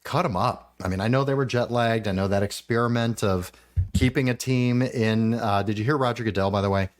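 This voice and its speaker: A man hosting a fantasy football podcast, talking in animated, rambling casual chat with the odd swear. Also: medium pitch, a little fast.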